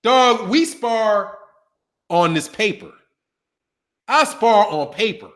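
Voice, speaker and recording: A man commentating on boxing in a casual, animated rant, repeating himself and trash-talking. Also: high-pitched, slow.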